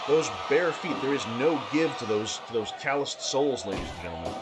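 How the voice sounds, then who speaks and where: A man calling wrestling matches play-by-play, breathless and scratchy-throated, with excited shouts and frequent restarts. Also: mid-range voice, brisk, over loud music. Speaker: wrestling commentator. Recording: loud background noise.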